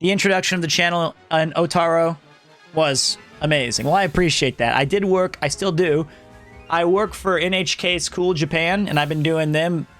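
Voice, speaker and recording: Male streamer, high bright voice, loud and projecting, casual chat over faint music. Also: normal speed. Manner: loud, projecting, animated talker.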